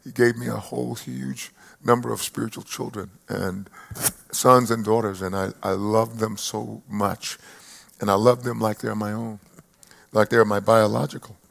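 A man in his seventies, a pastor preaching a sermon to a congregation, who moves between loud emphatic peaks and soft reflective asides. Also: on the low side, flat delivery, normal speed, gravelly. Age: 70s. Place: church service before a live congregation.

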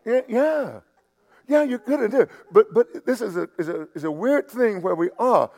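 A man with a fairly high voice preaches a sermon in a chatty way. He restarts words, repeats phrases, and moves between loud emphasis and hushed asides. His voice rings with the long reverb of a church sanctuary. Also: expressive, normal speed, vocal fry. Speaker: pastor.

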